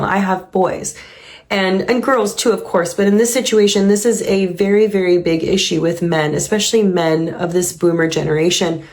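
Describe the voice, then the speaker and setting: A woman hosting a reaction video, musing earnestly and reflectively on a clip she has just watched. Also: on the low side. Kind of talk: reaction commentary.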